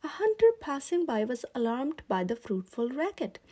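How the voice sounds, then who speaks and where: A young woman reads a children's story aloud in a gentle, expressive way. Her voice sits high. She sounds like the host of a storytime channel. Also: moderate pace.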